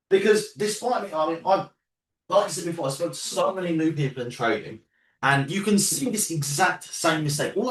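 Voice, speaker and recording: Animated London man coaching traders. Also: fairly high pitch, reverberant, far from the mic. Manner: animated, keeps checking in with "yeah?" and "right?"; casual, swears in passing. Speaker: trading coach. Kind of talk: teaching a live group call.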